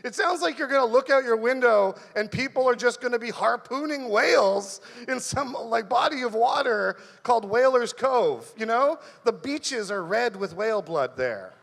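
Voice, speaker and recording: High-voiced rambling stand-up comic. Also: male voice, normal speed, gravelly, hardly any pauses, long reverb tail. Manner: rambling, animated storytelling. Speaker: stand-up comedian. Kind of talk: stand-up comedy monologue.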